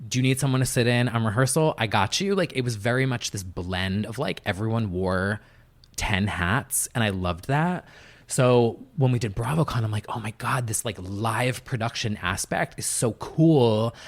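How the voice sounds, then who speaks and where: A man's voice: on the low side, normal speed. A young man chatting as a podcast guest, telling stories in a loose, filler-heavy way with lots of "like". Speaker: podcast guest, music producer. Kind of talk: casual interview chat.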